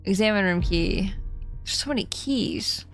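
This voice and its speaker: A woman's voice: mid-range voice, expressive, measured pace, creaky, soft background music. A young woman in casual live-stream commentary, giggly and chatty, easily startled as she plays. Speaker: game streamer.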